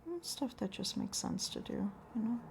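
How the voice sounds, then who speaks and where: A woman's voice: fairly high pitch, expressive, moderate pace, vocal fry, darkish tone, a little hiss or hum. A woman hosting a live painting stream, chatting casually and a little whiny, answering her viewers' comments in a rambling, self-deprecating way. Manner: slightly whiny, pleading tone. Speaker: livestream host painting with watercolors.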